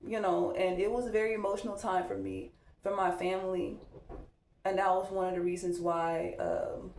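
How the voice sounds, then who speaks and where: A woman's voice: on the low side, vocal fry, a little mellow. A woman, a mom talking candidly and reflectively while she gets ready at home. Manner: candid, reflective, loose conversational delivery. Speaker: vlogger, mom. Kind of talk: casual get-ready-with-me chat. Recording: echoey room.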